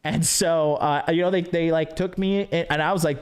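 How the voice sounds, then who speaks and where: A man's voice: fairly high pitch, little pitch movement, a little fast, hardly any pauses, clean tone. A man hosting a livestream who tells stories in a rambling, profane way full of fillers. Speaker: dating coach and stream host. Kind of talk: casual livestream rant.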